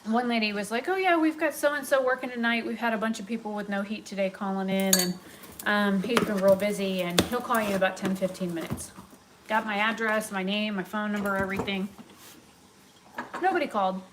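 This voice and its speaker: A woman's voice: mid-range voice, fairly quick. Young woman, casual rambling chat, home kitchen, noisy background. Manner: rambling, chatty, talks to her cats. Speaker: vlogger. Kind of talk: casual live-stream chat. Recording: home recording with clear background noise.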